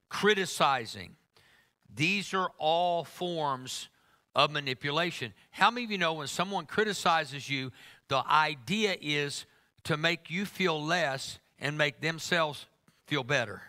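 A man's voice: fairly high pitch, expressive, a little slow, pushed and bright. A middle-aged man preaching a sermon to a congregation, emphatic and humorous, teasing his listeners.

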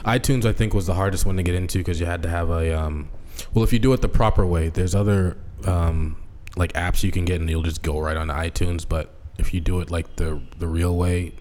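A man's voice: deep voice, fairly even intonation, brisk, few pauses, darkish tone, a little hiss or hum. A man hosting a podcast, chatting casually and jokingly, rambling with lots of fillers. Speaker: podcast host.

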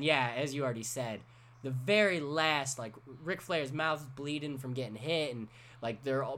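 A man in a casual podcast chat, telling a story with animated energy and swearing freely. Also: medium pitch.

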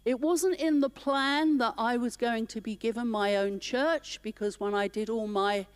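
A woman's voice: a little high, fairly even intonation, normal speed, clean tone, no echo. A middle-aged woman minister telling her personal story in church, emotional and conversational.

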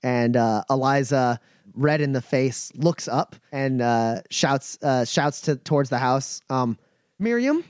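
A man's voice: mid-range voice, steady tone, takes it slowly, darkish tone, smooth, dry recording, clean studio sound. Man narrating as game master. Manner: rambling, many fillers and restarts.

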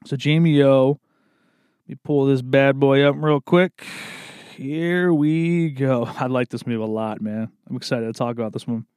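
A man's voice: medium pitch, a little slow, darkish tone, smooth, no room sound, studio quality. A young man hosting a casual solo chat, rambling in a laid-back way and calling everyone "man" and "dude.". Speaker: podcast host.

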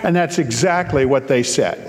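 A man's voice: medium pitch, normal speed, big-room sound. A man preaching a sermon, reading scripture aloud and breaking off for casual, joking asides to explain it.

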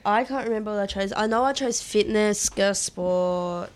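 A woman's voice: medium pitch, normal speed. A young woman co-hosting a casual chat podcast, chatty and easily sidetracked. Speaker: podcast co-host.

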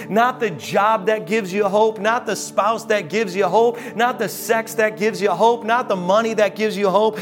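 High-pitched guy preaching hard, goes soft at the end, music playing behind. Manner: impassioned preaching, rising to emphatic peaks then dropping soft for prayer. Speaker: pastor. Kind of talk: sermon.

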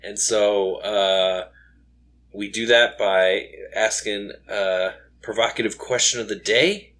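Slow-talking rambling man on a podcast. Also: fairly low pitch, steady tone, a bit bright. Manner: rambling, many fillers and restarts. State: tired, late at night. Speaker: podcast co-host. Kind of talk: casual podcast chat.

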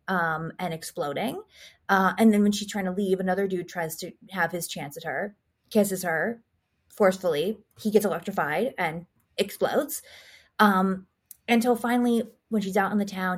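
A woman co-hosting a podcast, recapping a horror film in a profane, rambling, animated way. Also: mid-range voice. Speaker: podcast co-host. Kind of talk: casual horror movie recap.

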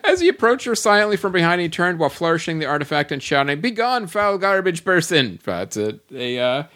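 A man's voice: on the high side, expressive, fast talker, a bit bright. A man hosting a casual podcast, reading listener comments aloud and laughing often as he goes. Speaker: podcast host.

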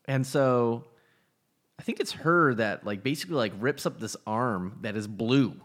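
A man's voice: mid-range voice, lively intonation, a little slow, a bit bright. A man co-hosting a casual podcast, rambling with lots of fillers and casual swearing. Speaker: podcast co-host. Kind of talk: casual chat.

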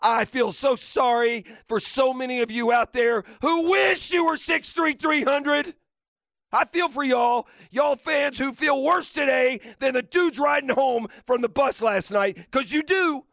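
A man hosting sports radio, delivering a fiery, mocking rant with shouted bursts. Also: extremely high pitch, a little slow, gravelly, no echo, studio quality. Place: radio studio.

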